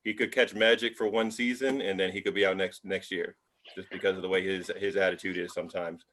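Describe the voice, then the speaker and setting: A man with a very low voice gives his opinions in an easygoing sports chat. He leans on fillers and relaxed phrasing. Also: fairly quick, slight background noise. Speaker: podcast co-host.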